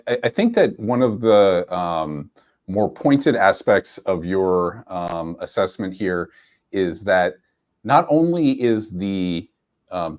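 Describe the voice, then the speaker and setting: A man's voice: low-pitched, darkish tone. A man interviewing a guest in a conference conversation, framing his questions thoughtfully and hesitantly with fillers.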